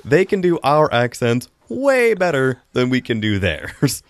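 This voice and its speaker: A man's voice: mid-range voice, big pitch swings, unhurried, no room sound. A man hosting a casual podcast chat, reviewing a film in a rambling, chatty way with frequent laughs.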